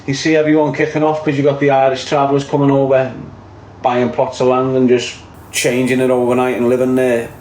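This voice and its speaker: Scouse lad going off on a rant on his stream, opinionated, mid pitch voice. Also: completely flat delivery, a little fast, a little mellow, slight background noise, rough recording. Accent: Liverpool. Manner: repetitive, opinionated, tags lines with "mate". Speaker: online show host. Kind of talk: casual livestream rant.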